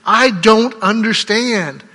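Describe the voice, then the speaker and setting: A man's voice: high-pitched, slow pace, sharp tone, big-room sound, voice pushed up, heavily acted. A man voicing grieving, bewildered disciples who plead and question in anguish. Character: grieving bewildered disciples crying out to their lord.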